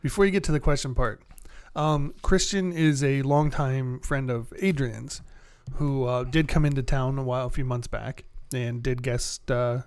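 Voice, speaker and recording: A man's voice: mid-range voice, steady tone, normal speed, clear, resonant tone. A man co-hosting a casual gaming podcast, joking sarcastically and crudely with his friend. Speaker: podcast co-host.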